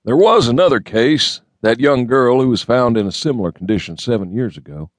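A man voicing a calm, mellow older male lawman in an audiobook, easygoing and philosophical. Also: mid-range voice, brisk, no echo, pitched above the performer's own voice, close to an everyday voice. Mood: earnest. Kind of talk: audiobook character reading.

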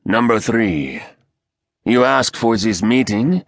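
A man voicing a raspy, impatient male leader of a sinister secret council, commanding and cold. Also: lowish voice, slow pace, dry recording, clean studio sound, pitched above the performer's own voice. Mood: stern.

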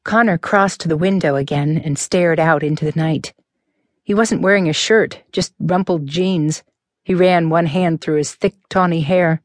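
Low-voiced woman narrating an audiobook. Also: normal speed, no echo, clean studio sound. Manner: reads both characters with shifts in voice. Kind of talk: scripted narration.

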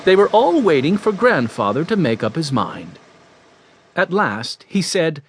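Guy reading a kids' audiobook, very lively pitch, slightly raised, dry sound. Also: a little slow, slightly rough, dry recording. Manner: expressive, storytelling. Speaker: audiobook narrator. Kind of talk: scripted children's story narration.

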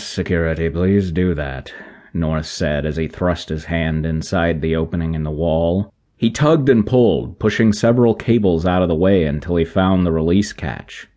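A man narrating an action sci-fi audiobook in a measured, even way. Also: low voice, dull audio. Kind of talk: scripted narration.

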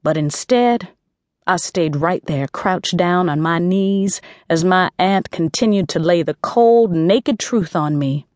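Slow, gritty woman audiobook narrator. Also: fairly low pitch, animated, darkish tone, dry recording, studio quality. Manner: gritty slangy street voice, unhurried. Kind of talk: first-person audiobook narration.

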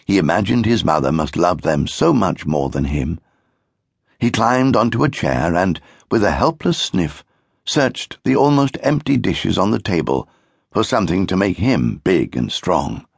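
Deep gravelly male storyteller. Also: a little slow, no echo, clean studio sound. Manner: storytelling, expressive. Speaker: audiobook narrator. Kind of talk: scripted narration of a children's book.

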